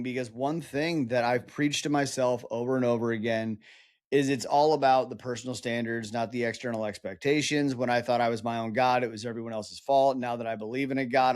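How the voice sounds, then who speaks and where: A man hosting a podcast interview, asking searching questions in a halting way and swearing casually. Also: medium pitch. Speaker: podcast host.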